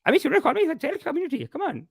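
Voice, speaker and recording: A man's voice: very high-pitched, wildly swooping pitch, rapid-fire, vocal fry, pitched above the performer's own voice, full character voice. A man mimicking eager gossiping relatives. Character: excited gossiping community members.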